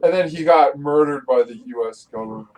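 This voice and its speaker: Young man, blunt opinionated talk, slightly high voice, faint hiss with clicks. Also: fairly quick. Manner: blunt and opinionated, with casual swearing. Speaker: co-host. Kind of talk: casual political chat. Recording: faint background noise, clicks and typing.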